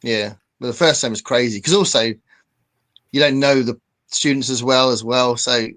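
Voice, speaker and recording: A man's voice: medium pitch, moderate pace, fairly bright tone. Chatty male host. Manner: chatty, rambling, reads out chat comments. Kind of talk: casual livestream chat.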